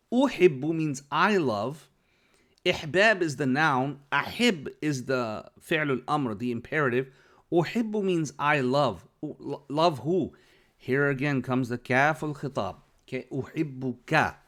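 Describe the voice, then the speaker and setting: This man's voice is fairly high and a bit bright. Not a native Arabic speaker himself, he patiently teaches Arabic vocabulary, explaining the lesson and regularly pausing for an "okay?"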